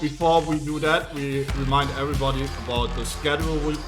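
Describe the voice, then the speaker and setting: A man's voice: fairly high pitch, fairly even intonation, a little fast, over music. A man with a German accent hosting a live esports broadcast, switching between English and German and playfully teasing his co-commentators. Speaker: tournament host.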